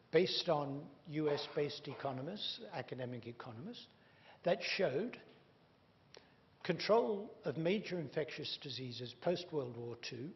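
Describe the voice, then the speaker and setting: A man giving a public lecture, emphatic and wry, leaning hard on key words. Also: fairly high pitch. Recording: dull reverberant hall recording with faint hum.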